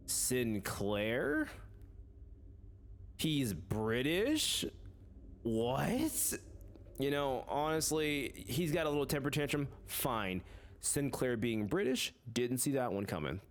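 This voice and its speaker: Animated man reading game text. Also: medium pitch, slow. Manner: animated, jokey, dramatic reading. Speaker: gaming YouTuber.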